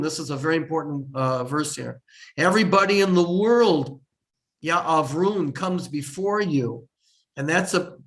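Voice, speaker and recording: A man's voice: fairly high pitch, fairly bright tone. A middle-aged man, a rabbi, gives an informal lecture, reading Hebrew lines and explaining them as he goes, with many restarts. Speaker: rabbi teaching a text. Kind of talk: informal lecture on a liturgical poem.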